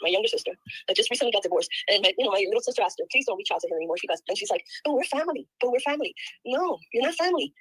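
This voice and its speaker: An older woman with grandchildren, venting rapidly and aggrieved in a casual call. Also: mid-range voice, animated, a bit bright, breathy edge, no echo, rough recording. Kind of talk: casual chat.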